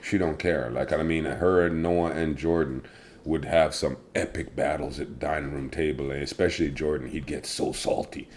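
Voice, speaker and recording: A man chatting casually about family life, relaxed and colloquial, often laughing and playfully teasing. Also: a bass voice, normal speed, slight background noise. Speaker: family show co-host, father.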